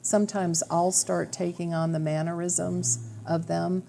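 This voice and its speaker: A woman hosting a radio interview as a medium, explaining in a calm, assured way. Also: on the low side, a little slow, vocal fry, a little hiss or hum. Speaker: radio show host, medium. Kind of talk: interview conversation.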